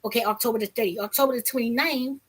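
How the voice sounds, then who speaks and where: A woman vlogger telling a personal story in a casual, blunt, animated way, with some profanity. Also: a little high, fast, slightly rough.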